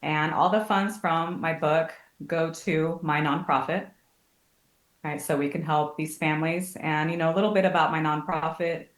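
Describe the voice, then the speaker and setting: A woman's voice: low-pitched, moderate pace. A woman, a guest family advocate, telling stories in a casual podcast interview and acting out the people she quotes. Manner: animated storytelling, acts out quotes. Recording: echoey room.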